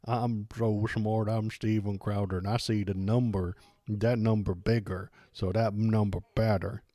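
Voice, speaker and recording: A man's voice: lowish voice, little pitch movement, unhurried, dark tone, no room sound, lightly acted. A man doing a mocking impression of a dim-witted, blustering male pundit in dopey, grunting speech.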